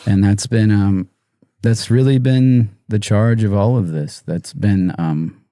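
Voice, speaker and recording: Musician guest, man, low and very dark voice, halting and choked up, dry close sound. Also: no echo. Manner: halting, soft-spoken, many fillers and restarts. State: emotional, choked up. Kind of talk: podcast interview.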